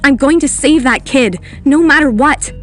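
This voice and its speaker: Narrator for an animated story, teen schoolgirl, brave and sarcastic, high bright voice, a woman reading. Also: moderate pace, faint music behind, close to an everyday voice. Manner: sarcastic, determined.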